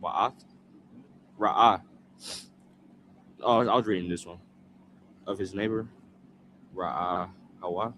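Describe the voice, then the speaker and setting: A man reading scripture aloud slowly, sounding out each word in pieces and repeating after a prompter. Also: low voice, dull audio, a little hiss or hum. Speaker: scripture reader.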